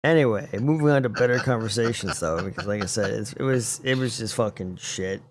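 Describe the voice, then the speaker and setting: A man's voice: on the low side, fairly quick, a little hiss or hum. A young man co-hosting a podcast, talking bluntly in casual chat and swearing a lot. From Arizona. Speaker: podcast co-host.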